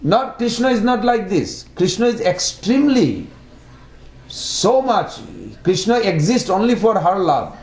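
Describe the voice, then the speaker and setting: A man giving a devotional lecture in non-native English, halting and repeating words as he explains. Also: high voice, expressive, darkish tone. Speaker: speaker giving a religious class. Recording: echoey room.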